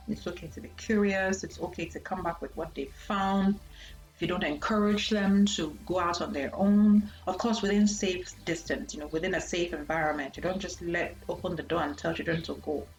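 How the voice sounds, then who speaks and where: A woman from Nigeria giving a casual psychology lesson, animated and acting out parents' voices. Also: on the low side. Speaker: psychology lecturer. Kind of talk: casual teaching talk. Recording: echoey room with faint music.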